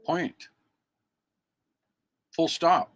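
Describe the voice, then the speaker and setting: A man's voice: extremely slow, dry recording. An American man giving an angry, emphatic livestream rant into his computer mic, preaching to viewers. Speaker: activist live streamer. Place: indoors at a computer.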